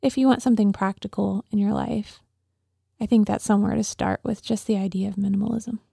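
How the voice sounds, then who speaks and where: A woman's voice: medium pitch, fairly even intonation, brisk, vocal fry, dark tone, slightly rough, dry recording, clean studio sound. A woman co-hosting a faith podcast, chatting casually with a hesitant, filler-laden manner. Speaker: podcast co-host.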